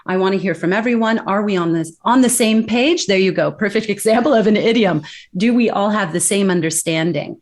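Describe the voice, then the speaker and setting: An American woman explaining workplace communication in an emphatic, animated interview style. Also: on the low side. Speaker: accent and communication expert guest. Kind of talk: interview answers.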